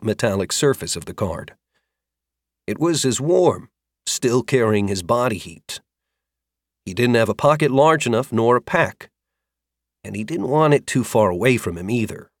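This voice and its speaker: Male narrator for a fantasy audiobook: lowish voice, lively delivery, dry close recording. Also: no echo. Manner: steady, expressive storytelling.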